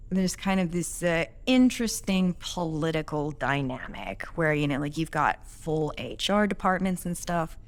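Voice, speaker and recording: Earnest woman talking about work. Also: sits low. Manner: earnest, reflective, quotes others in acted tones. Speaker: podcast guest, employee. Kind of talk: casual podcast conversation.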